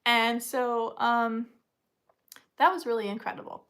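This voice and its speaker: Chatty woman with a higher voice. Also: little pitch movement, a little slow, fairly bright tone, clean tone. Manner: rambling, chatty, frequent fillers; coos at puppies in a high baby-talk voice. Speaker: livestream host. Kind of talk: casual live chat.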